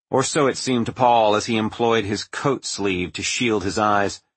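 Husky male audiobook narrator. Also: on the low side, a bit bright, no echo. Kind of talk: scripted narration.

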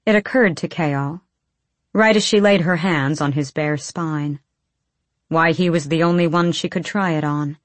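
A woman narrating a fantasy audiobook in a measured, low-key storytelling manner. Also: dry recording.

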